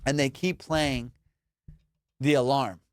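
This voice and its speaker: A young man hosting a comedy podcast, telling a story in an animated, slangy way, acting out voices and laughing often. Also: medium pitch, slow, smooth, no room sound.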